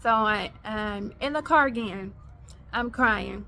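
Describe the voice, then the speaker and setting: A woman hosting a podcast, telling a personal faith story in an animated way, acting out the dialogue. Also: medium pitch, slow pace, gravelly, slight background noise. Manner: animated, acts out quoted dialogue. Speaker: podcast host.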